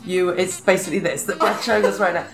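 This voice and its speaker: A middle-aged British woman chatting casually as a podcast co-host, animated and self-deprecating, laughing often. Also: fairly low pitch, fast. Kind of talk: casual chat. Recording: roomy echo with faint music.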